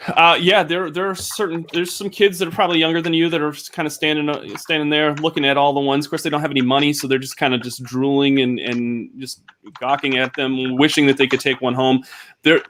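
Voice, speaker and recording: A man narrating as game master for a tabletop game, halting with many restarts. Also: a little high, little pitch movement, a bit bright, a little hiss or hum. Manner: halting, full of fillers and restarts.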